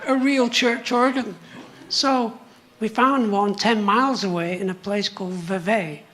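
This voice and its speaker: An older man with a high voice, telling stories as a musician guest on a live stage, humming and singing song parts as he goes. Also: slow pace, long pauses, a bit bright. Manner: hums and sings song parts while telling stories, chuckling. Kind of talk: live on-stage interview storytelling.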